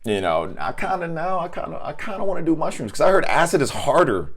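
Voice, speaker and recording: A man's voice: fairly high pitch, very animated, quick pace. A man hosting a casual podcast, talking in a loose, rambling way with lots of fillers and swearing. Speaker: podcast host.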